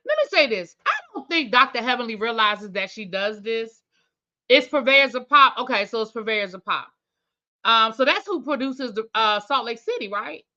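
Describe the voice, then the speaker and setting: Chatty woman reviewer, bright lo-fi voice. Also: a little high. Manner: chatty, thinks aloud, talks to viewers. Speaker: TV review host. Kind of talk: casual recap chat.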